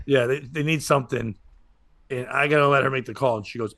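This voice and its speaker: A man's voice: mid-range voice, brisk, gravelly, no echo, studio quality. A man who hosts a podcast and works as a comedian, telling stories in casual chat and acting out the voices of people he quotes. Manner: animated, acts out quoted voices.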